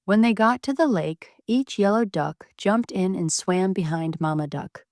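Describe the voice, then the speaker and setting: A woman reading a bedtime story aloud in a gentle, expressive way. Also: mid-range voice, measured pace, no room sound.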